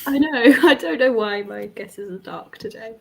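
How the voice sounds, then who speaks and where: A woman's voice: on the high side, moderate pace, vocal fry. Laughing British woman, thinking aloud. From Britain. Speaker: guest guessing riddles. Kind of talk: casual chat.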